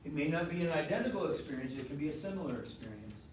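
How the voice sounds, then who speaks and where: Picked up from far off in a heavily echoing room, a man teaches a faith class in a meeting room, chatting with the group, repeating himself and asking questions. He is the ministry teacher, with a slightly high, darkish voice, animated and fast, over slight background noise.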